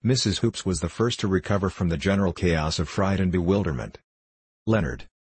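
A man narrating a story in a measured, even way. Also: sits low, husky, no echo. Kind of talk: scripted audiobook narration.

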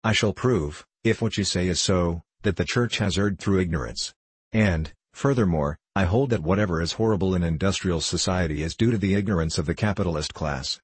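A gentle older bishop, read by a man in an audiobook, earnest and measured. The voice is deep and slightly husky. The sound is dry. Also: no room sound. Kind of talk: audiobook character reading.

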